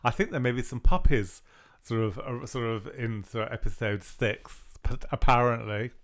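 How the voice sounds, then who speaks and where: A man's voice: mid-range voice, moderate pace. A man hosting a podcast in casual chat, rambling with many fillers and restarts. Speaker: podcast host.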